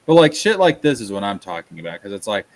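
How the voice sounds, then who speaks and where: A man's voice: lowish voice, sing-song, fast talker. A man from Tennessee, chatting casually on a livestream, ranting and reading chat aloud. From Tennessee, USA. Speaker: streamer.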